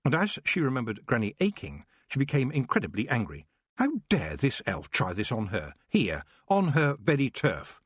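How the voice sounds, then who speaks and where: Brief: male audiobook narrator, husky and low, lively pitch, dry close sound. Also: moderate pace, no room sound. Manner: expressive storytelling. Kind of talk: scripted narration.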